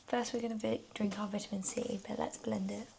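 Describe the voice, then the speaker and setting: Upbeat woman vlogger, mid-pitched, deep vocal fry, casual and chatty. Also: little pitch movement, a little fast, noisy background. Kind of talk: casual vlog chat. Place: her bedroom.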